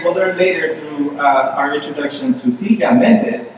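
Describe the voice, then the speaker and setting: A man's voice: fairly high pitch, normal speed, highs cut off, a little hiss or hum. A man giving a conversational conference keynote to an audience, with many fillers and repeated phrases. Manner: conversational, repetitive, with frequent fillers. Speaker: keynote speaker. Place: large convention hall. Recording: echoey hall, mic from a distance.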